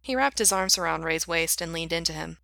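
A woman reading a fan fiction story aloud in an even, unhurried way. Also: low voice, vocal fry, no echo.

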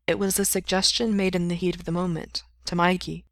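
Rich: A calm, wise male friend who talks gently and evenly, as a woman reading the story voices him. The voice sits low and soft. The sound is dry and close. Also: no echo, close to an everyday voice. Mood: gentle. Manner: gentle, measured, reassuring.

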